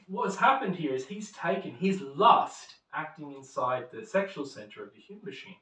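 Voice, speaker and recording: A man giving a casual classroom lecture, telling stories and acting out little voices. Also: high-pitched. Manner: animated storyteller, acts out little quoted voices. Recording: echoey room from far off.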